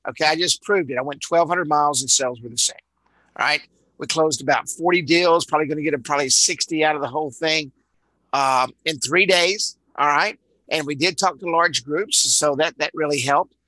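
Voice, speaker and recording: A man's voice: fairly high pitch, sharp tone, no room sound, poor audio. A man from Dallas with a Texan accent, leading a live online sales training in a rambling way, full of repeated words and uhs. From Dallas, Texas.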